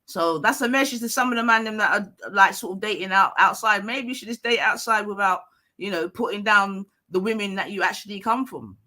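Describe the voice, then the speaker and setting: A man's voice: high voice, a little fast, pushed and bright. A man with a London accent hosting a live stream debate, confrontational and full of street slang.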